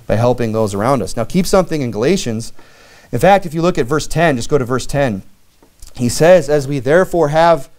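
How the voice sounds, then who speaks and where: Male pastor, mid-pitched, chatty sermon delivery, fills with "you know," acts out quoted lines. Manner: conversational preaching, many "you know" fillers, acts out lively quoted dialogue.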